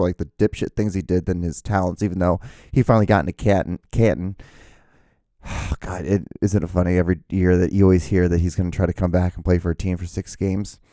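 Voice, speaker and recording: Male host, 30s, meandering self-deprecating monologue, warm low voice, dry recording. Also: no echo. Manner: meandering, profane, self-mocking, with many fillers and restarts. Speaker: podcast host. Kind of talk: rambling solo podcast monologue.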